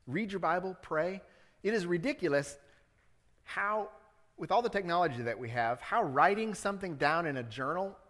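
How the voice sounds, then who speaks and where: A man's voice: high voice, fairly bright tone, long reverb tail. A man preaching a sermon as the church's pastor, talking casually with the congregation and building to fervent appeals. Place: church sanctuary.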